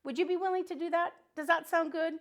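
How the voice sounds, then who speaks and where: A woman's voice: very high voice, steady tone, fast. A woman teacher hosting a children's educational show, talking cheerfully to young viewers. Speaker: teacher and host.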